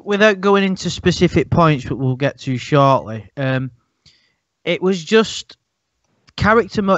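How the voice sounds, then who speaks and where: Man, high voice, dry lo-fi sound, mocking casual chat. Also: dry recording. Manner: blunt, laughing, mocking. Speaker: podcast co-host. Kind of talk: casual movie review chat. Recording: dull lo-fi sound.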